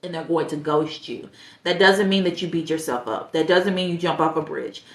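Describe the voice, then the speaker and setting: A woman's voice: low-pitched, moderate pace, reverberant. A woman life coach with a St. gives direct dating advice, talking straight to the viewer with pointed questions. She sounds a little stuffy from allergies. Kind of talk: casual advice monologue.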